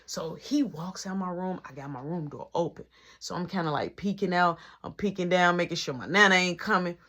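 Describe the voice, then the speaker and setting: A woman telling a personal story in an animated way, often dropping into whispers. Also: on the low side, brisk. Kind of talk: storytime vlog.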